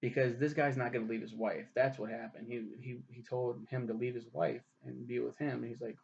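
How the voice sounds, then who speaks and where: A man's voice: mid-range voice, steady tone, a little fast, gravelly, darkish tone. A young man casually reviewing a TV show, rambling and ranting with lots of swearing. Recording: dull lo-fi recording.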